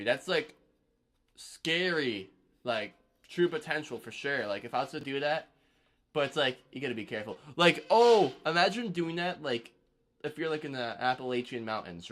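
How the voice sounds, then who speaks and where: A young man with a medium-pitched, fairly bright voice chats casually on a live stream between bouts of drumming. He rambles, leaning on fillers and laid-back slang.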